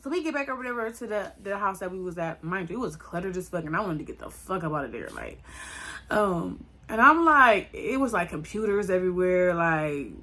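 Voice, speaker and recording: Young woman, casual storytime, bright voice, animated, frequent laughs. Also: fairly low pitch, brisk. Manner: animated, laughing often, acting out quotes.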